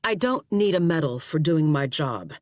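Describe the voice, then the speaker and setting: A woman's voice: deep voice, expressive, moderate pace, a little mellow, no echo. A woman voicing a blunt, terse female special agent and former sniper.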